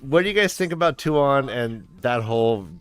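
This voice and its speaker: A man co-hosting a book podcast in casual chat, speaking haltingly with many restarts. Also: mid-range voice, animated, fairly bright tone, faint music behind. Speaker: podcast co-host.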